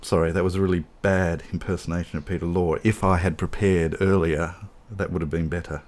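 A man with a very deep, low voice co-hosts a film podcast. He chats casually and pokes fun at himself, restarting and repeating words as he goes. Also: little pitch movement, brisk, a little mellow. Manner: chatty, self-deprecating, repeats words. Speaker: podcast co-host.

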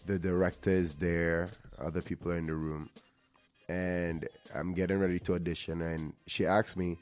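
A Trinidadian man, an actor who hosts his own show in the LA area, delivers an earnest motivational monologue woven with personal stories, repeating the odd word for emphasis. His voice is low and a little mellow, with little pitch movement and a moderate pace.

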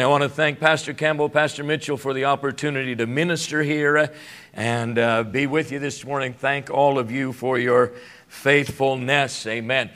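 A man preaching a sermon in a church as guest pastor, still in his morning voice. He talks haltingly with many fillers and builds to emphatic points. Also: medium pitch, steady tone, fairly bright tone, clear, resonant tone. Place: church sanctuary.

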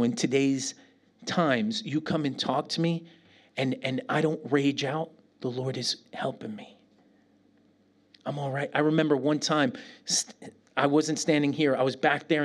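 A middle-aged pastor preaching a sermon, telling stories with animated bursts and falling to a near whisper when he prays. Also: on the high side. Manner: animated storytelling, dropping to a near whisper in prayer.

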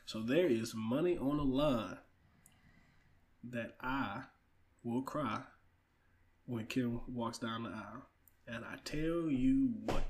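A young adult man appears as a guest on a casual podcast, chatting about family and coaching with confident, playful bravado. His voice is medium in pitch with a darkish tone.

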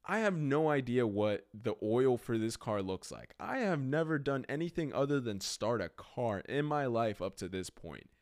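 A man's voice: mid-range voice, normal speed, few pauses. A young man hosting a podcast, telling a rambling story in a casual way, with a lot of "like". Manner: rambling, animated, heavy use of "like". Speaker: podcast host.

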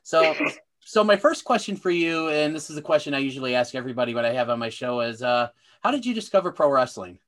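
A man's voice: a little high, lively intonation, fast, fairly bright tone. Easygoing man hosting a podcast. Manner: easygoing, with many "uh" fillers and restarts. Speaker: podcast host. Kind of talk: casual interview hosting.

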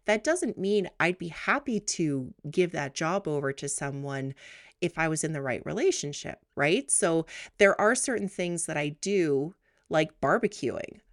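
A woman co-hosting a podcast, telling stories in an animated, chatty way. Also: low voice, a little slow, no room sound, clean studio sound. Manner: chatty, animated storytelling with laughs. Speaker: podcast co-host. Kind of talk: casual chat.

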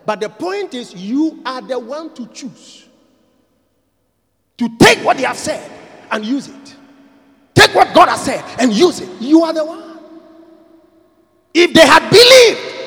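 A pastor preaching a sermon, swinging between quiet lines and shouted ones and repeating phrases for emphasis. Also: male voice, very high voice, lively intonation, moderate pace, in a large hall.

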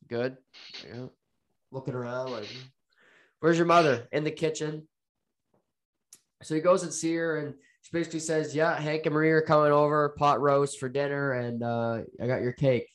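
Easygoing man retelling a show. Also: mid-range voice. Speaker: podcast co-host. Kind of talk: casual chat recapping a TV episode.

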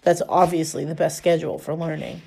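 A woman's voice: deep voice, fairly even intonation, brisk, creaky, dark tone, slightly rough, full character voice. A woman reading the lines of a nervous, witty gay teenage boy in an audiobook, wry and self-mocking. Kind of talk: audiobook character voice.

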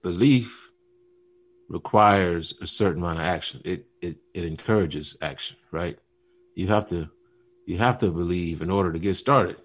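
A man co-hosting a casual talk show, telling a story with animated retellings and acted-out lines. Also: low-pitched, normal speed. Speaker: podcast co-host. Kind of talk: casual chat.

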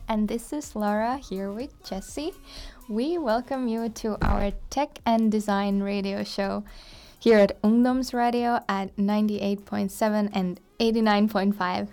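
A woman's voice: medium pitch, steady tone, a little slow, darkish tone, soft background music. A woman co-hosting a radio show, explaining topics in a friendly, chatty way with small laughs. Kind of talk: casual radio chat.

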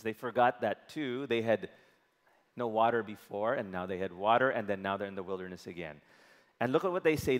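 A man preaching a sermon, often asking the congregation questions and waiting for answers. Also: lowish voice. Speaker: pastor. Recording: long hall reverb.

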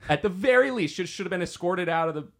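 A man chatting on a podcast with a lively, wide-ranging pitch. He tells stories animatedly and slips in dry sarcasm. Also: quick pace, vocal fry. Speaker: podcast co-host. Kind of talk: casual chat.

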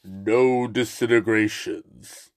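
Guy doing a cold dark lord voice, low n slow, quiet menace, barking orders. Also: steady tone. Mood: menacing. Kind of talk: movie impression in a review.

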